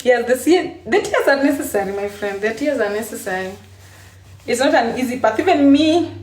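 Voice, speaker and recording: A woman's voice: high voice, roomy sound, slight background noise. A woman with a Kenyan accent talking casually on a live stream, laughing often and repeating phrases for emphasis.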